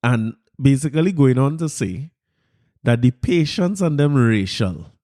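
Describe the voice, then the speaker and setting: A man with a Trinidadian accent hosting a podcast, talking through the news in a casual monologue, animated and incredulous, often repeating his words. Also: mid-range voice, measured pace, no room sound, studio quality. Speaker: podcast host.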